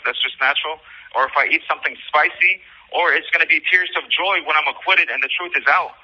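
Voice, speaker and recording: A man's voice: a little high, slightly rough. A man speaking from jail over a phone call, agitated and rambling, swearing as he tells his account. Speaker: jail inmate on a recorded call. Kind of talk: emotional personal account.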